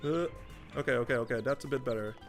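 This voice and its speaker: A man's voice: mid-range voice, fast, soft background music. A young man from the Netherlands chatting casually over gameplay, swearing often and restarting his sentences in exasperation. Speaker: gaming streamer.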